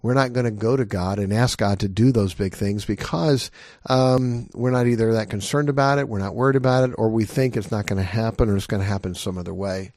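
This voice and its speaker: A man's voice: lowish voice, a little mellow, no echo, clean studio sound. A middle-aged man preaching a sermon as a pastor, earnest and emphatic, pressing his listeners with repeated questions.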